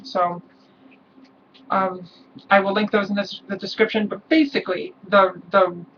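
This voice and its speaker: A young adult woman chatting casually in a vlog, relaxed, with many ums and little laughs. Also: mid-range voice, measured pace. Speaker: vlogger. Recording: distant, dull lo-fi camera sound, faint hiss.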